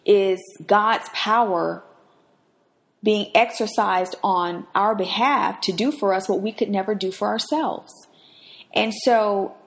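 A woman hosting a podcast, giving an earnest, emphatic devotional Bible teaching. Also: mid-range voice. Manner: earnest, emphatic, rises sharply when acting out quotes.

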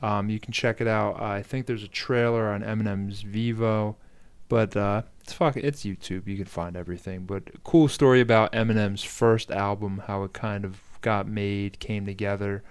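A man's voice: on the low side, fairly even intonation, normal speed, hardly any pauses, smooth. A man co-hosting a podcast, rambling through crude comic stories and laughing often. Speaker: podcast co-host. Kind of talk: casual comedic chat.

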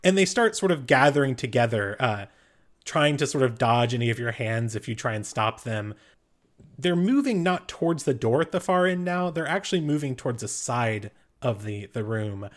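A man's voice: mid-range voice, animated, moderate pace. A man as game master, narrating a tabletop game in a loose, improvised way.

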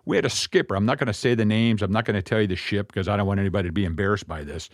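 A middle-aged man, a Messianic rabbi, telling a personal story as a sermon in an earnest, reflective way, with pauses and restarts. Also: lowish voice, no room sound, studio quality.

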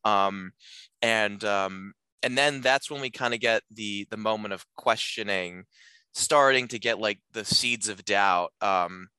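A man casually talking through a film on a podcast, rambling with lots of filler words and acting out lines in animated voices. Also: on the low side, measured pace, clean tone, dry recording.

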